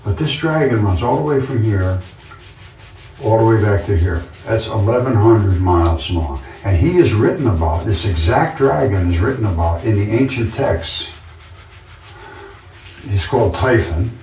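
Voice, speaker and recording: A man's voice: fairly low pitch, expressive, moderate pace, darkish tone. Man, earnest casual monologue, insistent and repetitive, echoey room. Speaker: vlogger. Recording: roomy, distant from the mic.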